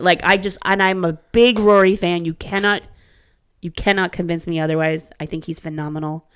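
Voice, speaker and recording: A woman's voice: lowish voice, brisk, clear, resonant tone. A woman in her thirties co-hosting a podcast, chatting casually and swearing freely as she tells stories. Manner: profane, animated storyteller. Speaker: podcast co-host. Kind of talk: casual chat.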